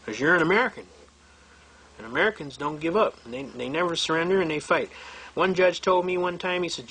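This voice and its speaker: Speaking fast in a slightly high, somewhat bright voice with a breathy edge, a seminar instructor lectures by telling courtroom stories. His delivery is folksy and blunt, and he performs the voices of those he quotes.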